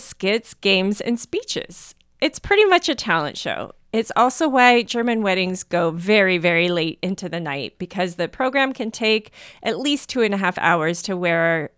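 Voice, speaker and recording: A woman co-hosting a podcast, reading a listener's story aloud in an animated way and laughing often. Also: medium pitch, clean tone, no room sound, studio quality.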